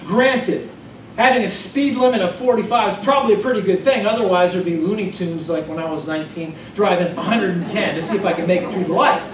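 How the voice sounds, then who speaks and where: A man preaching a sermon as pastor, animated and joking in a conversational way. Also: sits high, noisy background. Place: church sanctuary. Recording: echoey room from far off.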